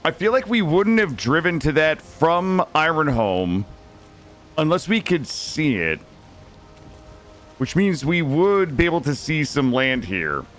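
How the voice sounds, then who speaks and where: A man's voice: on the high side, big pitch swings, unhurried, fairly bright tone, faint music behind. A young man live-streaming a video game, talking anxiously and dramatically to his chat as he plays.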